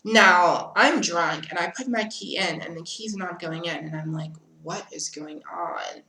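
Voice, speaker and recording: Low, bright-toned woman in a roomy space. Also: normal speed. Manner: animated retelling, acting out the other people's lines. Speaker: vlogger. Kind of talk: personal storytelling vlog. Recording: roomy, echoey room.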